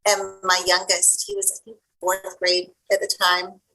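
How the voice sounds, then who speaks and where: A middle-aged woman, a guest coach, telling a personal story in an interview in an animated way, acting out the voices of the people in it. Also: lowish voice, a little slow, poor audio. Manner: animated, acts out the voices of people in her stories.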